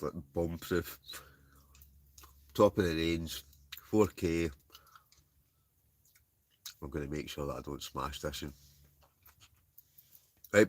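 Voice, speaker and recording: A man's voice: extremely low pitch, no echo. A Scottish man hosting a wild camping live stream from a heated tent, chatting in a rambling way, laughing often and answering live comments. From Scotland. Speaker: wild camping livestream host. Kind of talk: casual chat reading live comments. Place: inside a heated tent with a stove.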